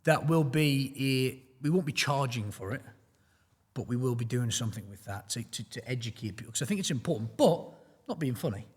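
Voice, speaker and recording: A man with a husky, slightly breathy voice speaks in a studio whose long reverb trails after his words. His talk is a blunt, motivational roundtable chat broken up by joking asides. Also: medium pitch, animated, a little fast. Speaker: prop trading firm team member.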